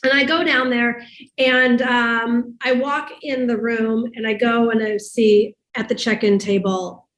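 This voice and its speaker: A woman hosting a talk, speaking in an animated, emphatic, conversational way as she tells a story to an audience. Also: fairly high pitch, unhurried. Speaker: host and life coach. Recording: roomy echo.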